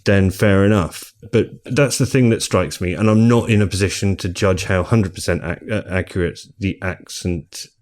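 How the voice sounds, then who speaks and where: A man's voice: deep voice, steady tone, normal speed, hardly any pauses, a little mellow. A middle-aged man hosting a casual book podcast, chatty and steering the talk with questions. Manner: chatty, leads the discussion with questions. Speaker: podcast co-host.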